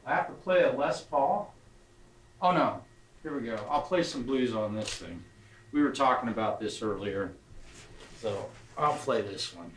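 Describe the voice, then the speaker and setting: Middle-aged man, guitarist livestream host, unhurried rambling chat, sentimental, swears freely. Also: medium pitch, lively intonation, a bit bright, a little hiss or hum.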